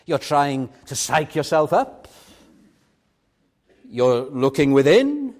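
Young preacher with lively, emphatic delivery. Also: male voice, fairly high pitch, takes it slowly. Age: young adult. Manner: earnest, emphatic, swinging between loud stresses and soft drops. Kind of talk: sermon.

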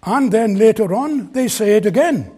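A man's voice: high voice, animated, normal speed, mellow, husky. A man preaching an expository sermon from a pulpit, earnest and emphatic as he explains a Bible passage. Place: church pulpit.

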